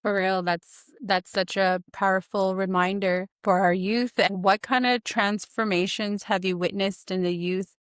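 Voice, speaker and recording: A woman hosting a podcast who asks calm, affirming questions. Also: medium pitch, a little slow, few pauses, clear, resonant tone, no echo, studio quality. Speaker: podcast host. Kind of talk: podcast interview.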